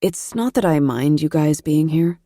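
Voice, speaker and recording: An earnest young man in an audiobook, sober and firm, choosing his words carefully, read by a woman. The tone is low and dark, and the sound is dry and close. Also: lively intonation, moderate pace, no room sound.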